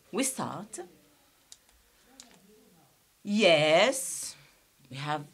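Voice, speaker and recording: Slow, bright-voiced woman teaching pronunciation. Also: mid-range voice. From Algeria. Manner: slow and deliberate, repeats sounds for students, switches to Arabic to explain. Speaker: English teacher. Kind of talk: classroom pronunciation lesson.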